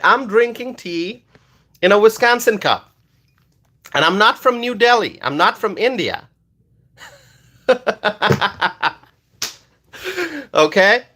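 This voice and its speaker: A man from Bangladesh, hosting a casual livestream and reading viewer comments aloud, animated and loud at times. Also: high voice. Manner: animated, loud at times, with many fillers and repeated words. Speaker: livestream host reading chat.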